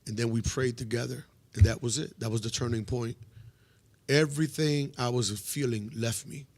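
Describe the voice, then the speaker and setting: Animated pastor telling his testimony. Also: mid-range voice, normal speed. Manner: animated, acts out dialogue, frequent hesitations. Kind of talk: personal testimony storytelling.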